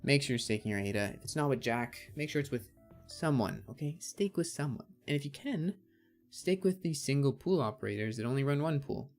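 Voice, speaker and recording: A man's voice: mid-range voice, lively intonation, fairly quick, faint music behind. A man hosting a casual crypto livestream, chatting and reading out viewer comments and answering them. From Canada.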